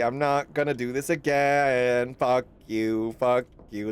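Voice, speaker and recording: A man's voice: mid-range voice, steady tone, slow, hardly any pauses, clean tone. A young man giving jumpy, profane let's-play commentary on a horror game, laughing and complaining at the game. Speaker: gaming streamer.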